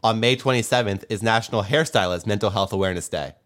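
A man's voice: lowish voice, fast, fairly bright tone, dry recording, clean studio sound. A young man co-hosting a podcast in a playful, joking way, throwing out trivia. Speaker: podcast co-host. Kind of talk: casual chat.

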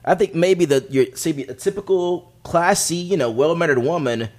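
A man co-hosting a podcast, explaining a segment in animated casual banter with many restarts, seated at a studio table. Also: a little high, moderate pace. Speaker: podcast co-host presenting a segment.

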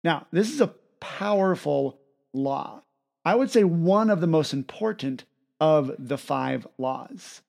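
A man hosting a self-help podcast, talking casually and retelling a children's story with animated energy. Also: a little high, creaky. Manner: upbeat, animated storytelling with quick bursts. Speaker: podcast host.

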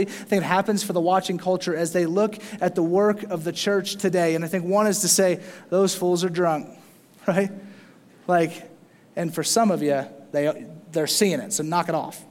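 A male pastor delivers a sermon with animated, rising emphasis and playful asides. His voice sits high for a man. It rings out in a church sanctuary with a long reverb tail.

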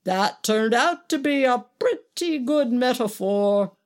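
A woman reading aloud plays a sardonic older actor with years in the company, mocking his boss as he gossips. His voice swings lively up and down and takes its time. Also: on the high side, takes it slowly, voice pushed up. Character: older male stage actor, sardonic veteran.

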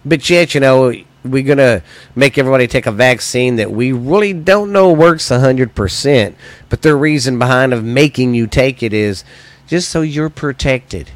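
An American man in the middle of a heated, rambling solo rant, swearing freely as he talks straight to his listeners. His voice sits at an ordinary middle pitch. The sound is dry and close, with no room echo. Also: normal speed. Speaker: podcast host.

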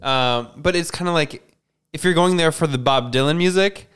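Smooth-voiced rambling man. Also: a little high, normal speed, fairly bright tone. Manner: rambling, self-correcting, laughing. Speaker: podcast co-host. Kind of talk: casual chat.

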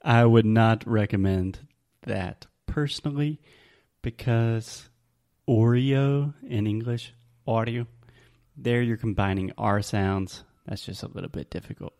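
Southern man teaching pronunciation, gravelly. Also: fairly low pitch, a little mellow. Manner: patient, explains slowly with examples. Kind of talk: casual teaching chat.

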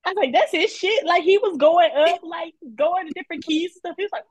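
A woman co-hosting a podcast in casual chat, sassy and animated, telling stories with lots of laughter. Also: very high-pitched, quick pace, dry recording. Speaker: podcast co-host.

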